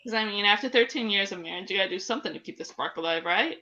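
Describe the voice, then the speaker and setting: A woman's voice: medium pitch, rapid-fire, bright, forceful tone, highs cut off. A woman co-hosting a casual chat show, fighting a cold and telling stories in a playful, chatty way. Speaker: podcast co-host.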